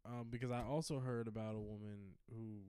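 A man's voice: mid-range voice, steady tone, brisk, dark tone, smooth, no room sound, clean studio sound. A man co-hosting a casual comedic podcast chat, telling stories in a laid-back way.

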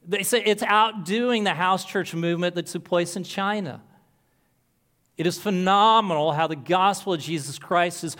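A male pastor preaching a sermon earnestly, moving between soft, slow passages and emphatic lines. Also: fairly high pitch.

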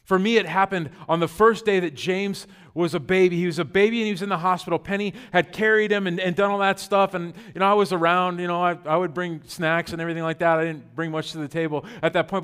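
A man preaching a sermon, telling personal stories conversationally, shifting between loud bursts and quiet, intimate moments. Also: sits high, fairly even intonation, fairly quick, hardly any pauses, smooth. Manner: conversational with fillers like "like" and "you know". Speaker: pastor.

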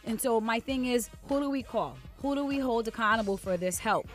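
A woman's voice: a little high, brisk, faint music behind. A woman co-hosting a radio show, earnestly calling out community programs in a conversational monologue.

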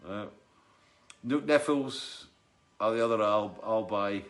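Slow and low-pitched, a middle-aged man hosting a live stream as a musician talks casually, reads out viewer comments, and tells rambling stories in a chatty, joking manner.

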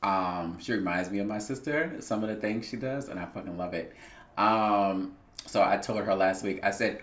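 A man's voice: fairly low pitch, moderate pace, a bit bright. A man hosting a casual solo podcast, speaking in a candid, reflective way with a lot of swearing. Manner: candid and heavily profane, reflective. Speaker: podcast host. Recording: roomy echo.

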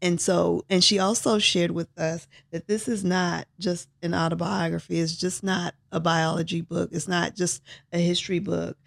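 A woman's voice: fairly low pitch, little pitch movement, moderate pace, gravelly, few pauses, no echo, studio quality. A woman co-hosting a devotional talk, encouraging and affirming as she urges listeners to read scripture. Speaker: co-host.

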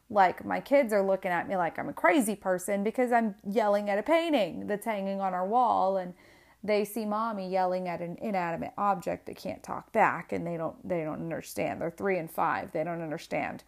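Twenty-something mom venting a personal story, raspy fry in her voice, gets loud and high when she's worked up. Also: normal speed. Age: 20s. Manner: candid and animated, rising in pitch and loudness when upset, many restarts. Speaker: single mother sharing a personal story. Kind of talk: emotional personal storytelling to camera.

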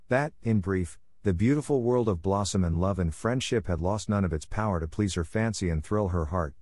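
A man giving a calm, measured audiobook narration of a classic novel. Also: sits low.

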